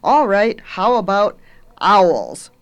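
A woman's voice: medium pitch, big pitch swings, slow, highs cut off. A woman reading aloud, voicing a scheming, grim witch in a children's storybook. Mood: menacing. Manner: sly, grim, theatrical. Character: grumpy scheming female witch, storybook villain.

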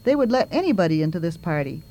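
A brash, bizarre party crasher, spoken dry and matter-of-fact, as a reader puts him on. The voice sits at a middling pitch. It comes across as a read-aloud storybook role. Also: big pitch swings, fast talker, warm tone.

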